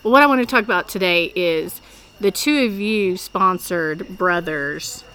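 A woman's voice: lowish voice, a little slow, pushed and bright, clean tone, rough recording. A woman hosting a casual podcast chat in the field, chatty and given to laughter, tearing up when moved. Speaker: podcast host. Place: outdoors at a mission home with people working nearby. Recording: field recording with faint background noise.

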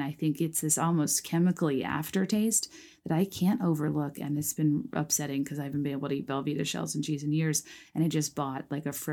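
A woman in her thirties chatting casually as a podcast host, rambling with lots of fillers, restarts and "like", with a touch of vocal fry. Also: low voice, warm tone. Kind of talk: casual chat, reacting to listener prompts.

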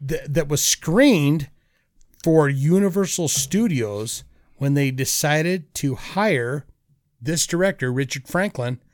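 A man runs a movie quiz on a casual podcast, reading the trivia slowly and deliberately. His voice sits a little high. The sound is dry and close. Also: expressive, no echo.

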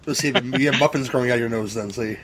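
A man's voice: medium pitch, fast, a crowd in the background. A man chatting casually as a podcast co-host, laid-back and joking. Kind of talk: casual chat.

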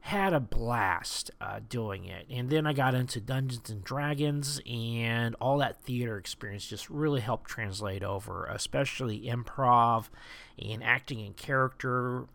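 A man's voice: medium pitch, measured pace, gravelly, a bit bright. A man hosting a show, talking through roleplaying tips in a chatty, rambling way, with lots of "you know" and "uh". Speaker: podcast host giving roleplaying tips. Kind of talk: casual tips monologue.

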